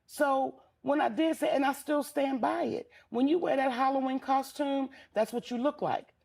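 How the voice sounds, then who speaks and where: A woman's voice: high-pitched, steady tone, normal speed, creaky, a little mellow. An older woman comedian talking in a casual chat, telling candid stories about her years on stage. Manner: candid, storytelling, emphatic. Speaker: guest comedian.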